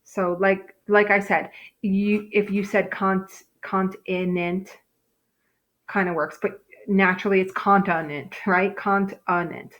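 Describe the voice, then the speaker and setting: A woman teacher gives a recorded phonics lesson, explaining step by step with frequent "okay" and "um." Her mid-range voice is level in tone and a bit bright, and she speaks at a measured, patient pace.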